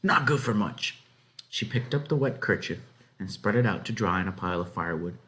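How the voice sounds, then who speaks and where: Man reading aloud, lower voice with lively swings. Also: quick pace. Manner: expressive, lively storytelling. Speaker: reader. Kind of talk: read-aloud storybook narration.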